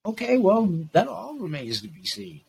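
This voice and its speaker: His voice is high and creaky, a little mellow, with huge pitch swings at a normal speed, and a faint hiss or hum sits in the recording. He's a man in his sixties hosting his own podcast, giving a casual, rambling monologue that stresses points through repetition.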